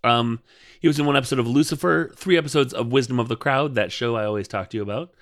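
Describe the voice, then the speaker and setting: A man's voice: medium pitch, fast, a bit bright. A man co-hosting a podcast, chatting casually about a TV show with rambling asides and frequent laughs. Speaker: podcast co-host.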